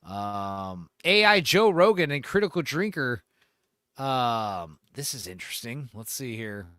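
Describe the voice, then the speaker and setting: A man hosting a casual livestream, talking in a rambling, animated way with lots of fillers. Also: mid-range voice, measured pace, no echo, clean studio sound. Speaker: host.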